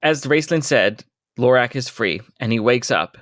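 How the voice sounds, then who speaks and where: A man co-hosting a casual book podcast, calmly summarizing the plot and reading passages aloud. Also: medium pitch, moderate pace, no echo, studio quality. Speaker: podcast co-host.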